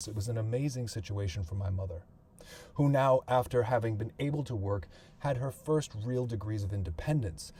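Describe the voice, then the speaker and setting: A man's voice: on the low side, brisk, warm tone, slightly rough. A middle-aged man narrating his family's history in a conversational way, thinking aloud with fillers and restarts. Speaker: podcast host and author.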